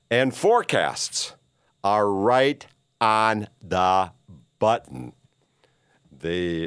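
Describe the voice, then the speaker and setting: On his podcast, an older, low-voiced host rambles through an opinionated monologue, peppering it with "uh" and forceful rhetorical questions. The recording has no room sound.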